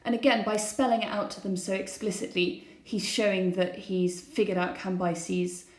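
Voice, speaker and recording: A woman's voice: medium pitch, fairly even intonation, moderate pace. Woman teaching, echoey room. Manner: explanatory, poses questions to students. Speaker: classics teacher. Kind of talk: recorded lesson over slides.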